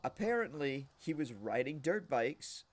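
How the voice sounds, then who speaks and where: A man's voice: mid-range voice, a little slow. Rambling young man telling a story. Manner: rambling, animated, shouts quoted punchlines. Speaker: streamer. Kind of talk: casual storytelling while gaming.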